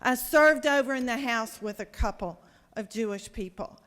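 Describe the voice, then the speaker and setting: A woman's voice: on the high side, normal speed, a bit bright. A woman state senator, giving an impassioned, indignant floor speech. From American South. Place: large legislative chamber. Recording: reverberant chamber.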